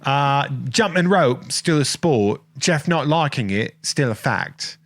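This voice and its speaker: Jokey American podcast host. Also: male voice, medium pitch, animated, slow pace, fairly bright tone, dry recording. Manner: jokey, rambling, self-mocking. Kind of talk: casual comedic chat.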